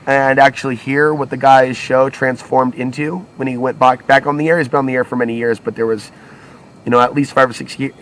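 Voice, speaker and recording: A man's voice: mid-range voice, slight background noise. A man hosting his own alternative media channel, talking alone in a rambling monologue full of restarts and self-corrections. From United States. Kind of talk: solo monologue to camera.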